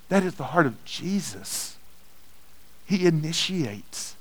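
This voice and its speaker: Guy preaching a sermon, kinda high voice, real slow, gets loud then goes quiet. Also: very animated, poor audio. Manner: slow, dynamic preaching that swells loud and drops soft. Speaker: pastor.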